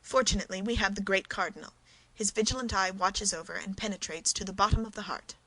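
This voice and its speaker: A woman's voice: mid-range voice, fast talker, pushed and bright, no room sound, poor audio. A woman reading the part of a self-important, cowardly middle-aged mercer in a storybook reading, speaking emphatically. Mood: pompous.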